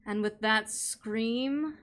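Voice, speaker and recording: A woman voicing a grave adult man narrating a nightmare in the first person, low and somber. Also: very slow, fairly bright tone.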